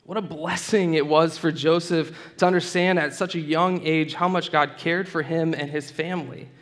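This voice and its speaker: A man preaching a sermon in a relaxed, conversational storytelling way, with casual asides to the room. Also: a little high, long reverb tail.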